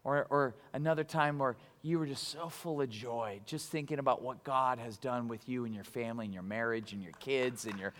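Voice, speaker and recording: A man preaching a sermon as pastor, animated and conversational, swinging between excitement and quiet earnestness. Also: mid-range voice, brisk, hardly any pauses. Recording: long hall reverb.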